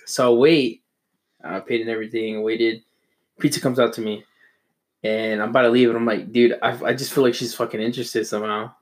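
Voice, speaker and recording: A man in a casual chat among friends, telling a story in a loose, rambling way. He swears constantly and pokes fun at himself. His pitch sits in an ordinary middle range. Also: fairly even intonation, fairly quick. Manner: rambling, heavy swearing, self-mocking.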